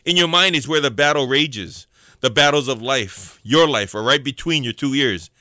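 A man preaching an informal devotional sermon, earnest and repeating key lines slowly for emphasis. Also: mid-range voice, expressive, pushed and bright, no echo, clean studio sound.

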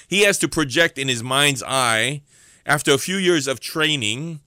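A man preaching an informal devotional sermon, earnest and repeating key lines slowly for emphasis. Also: mid-range voice, expressive, sharp tone, no echo, studio quality.

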